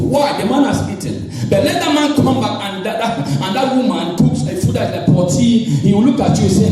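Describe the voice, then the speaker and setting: Animated African pastor preaching in an echoey hall. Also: male voice, high-pitched, moderate pace, recorded from a distance, soft background music. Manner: animated, calls on the congregation to respond. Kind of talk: sermon.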